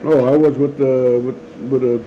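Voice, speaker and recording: An older man with a mid-range voice speaks at normal speed, telling stories as the person being interviewed. He's an animated teller who performs the voices of the people involved and laughs often. The recording is dull, lo-fi, and made at home, with faint noise.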